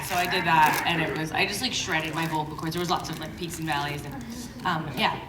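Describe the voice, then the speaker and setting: A woman's voice: deep voice, fairly even intonation, a little fast, crowd noise. A woman voice actor on a convention panel, chatting loosely about an audition with lots of "like". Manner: chatty, rambling with "like". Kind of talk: panel anecdote. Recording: roomy hall from far off with noise.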